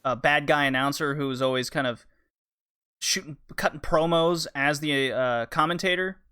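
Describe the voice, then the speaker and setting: A podcast co-host with a mid-range voice in relaxed conversation. The delivery is measured and explanatory, with a light teasing edge now and then. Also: mid-range voice, clean tone. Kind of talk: casual chat.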